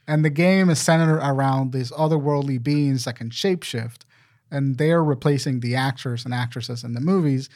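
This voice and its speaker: A man's voice: mid-range voice, moderate pace, darkish tone. A man chatting casually with friends about video games, rambling and swearing now and then. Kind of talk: casual chat.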